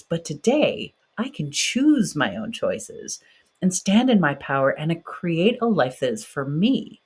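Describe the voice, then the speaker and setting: A woman's voice: on the low side, a little mellow, slightly rough. A woman in her forties hosting a podcast, talking directly and encouragingly in a motivational monologue. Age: 40s. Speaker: podcast host.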